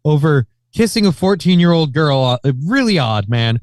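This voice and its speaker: Wry, slightly high male co-host. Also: sing-song, moderate pace, a little mellow, dry recording, studio quality. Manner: wry, incredulous storytelling. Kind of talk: comedic commentary.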